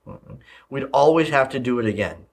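A man's voice: mid-range voice, expressive, normal speed. A man hosting a parenting podcast, telling childhood stories in a loose, chatty way with fillers and repeated phrases. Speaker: podcast host, leadership coach. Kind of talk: casual solo podcast talk.

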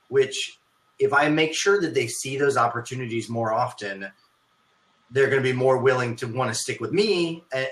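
A man's voice: medium pitch, bright, forceful tone. A man who runs martial arts schools, hosting a casual podcast chat and thinking aloud with many restarts. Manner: thoughtful, rambling, with many restarts. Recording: roomy echo.

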